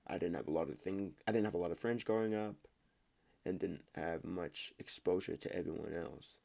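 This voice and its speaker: Casting note: low, gravelly male host, casual reading, trips on words and remarks on them. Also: a little mellow. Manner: stumbles over words and comments on his reading. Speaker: host reading online stories aloud.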